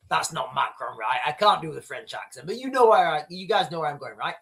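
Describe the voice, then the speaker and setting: Emphatic British livestream host. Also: male voice, on the high side, expressive, fairly quick, creaky, hardly any pauses, fairly bright tone. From Britain. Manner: emphatic, repetitive, addresses chat directly. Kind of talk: opinionated livestream commentary.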